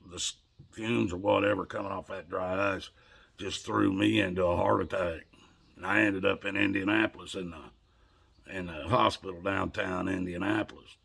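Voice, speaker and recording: A man's voice: low-pitched, vocal fry, fairly bright tone, slightly rough. A man telling a personal story in a rambling, conversational way, with many restarts. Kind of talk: casual storytelling to camera.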